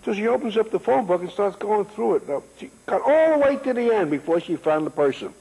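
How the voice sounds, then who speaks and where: A man in his eighties spins loose, joking stories in a high, gravelly voice that swings widely in pitch. His tone is very husky. The room behind him rings with a long echo. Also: expressive, a little fast, warm tone. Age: 80s. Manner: rambling, joking storyteller who laughs often. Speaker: interview guest, author. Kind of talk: casual chat. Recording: long echoing reverb.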